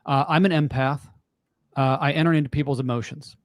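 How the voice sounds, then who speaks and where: A man's voice: fairly high pitch, steady tone, fairly quick, no echo. A man in his forties, a podcast guest in casual chat, talking earnestly and emphatically and repeating himself.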